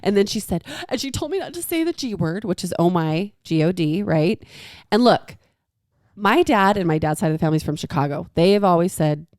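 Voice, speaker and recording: Lively, animated storytelling woman. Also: lowish voice, brisk, no room sound, clean studio sound. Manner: animated storyteller, acts out quoted voices. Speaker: mother telling a story about her daughter. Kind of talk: casual chat.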